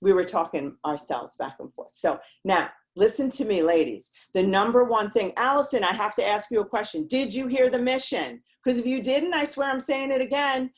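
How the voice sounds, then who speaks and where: A woman's voice: a little high, moderate pace, hardly any pauses. Woman doing a motivational live stream, earnest, rambly, lots of rhetorical questions, talking into her webcam. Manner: earnest, rambling, reads viewer comments aloud. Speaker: host of a women's group live stream.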